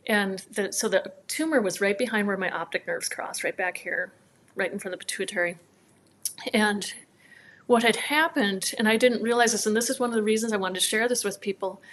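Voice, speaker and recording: A woman's voice: medium pitch, slight background noise. Heartfelt woman telling a personal story. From northern Minnesota, USA. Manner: animated storytelling, acting out quoted dialogue. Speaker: guest, chiropractor.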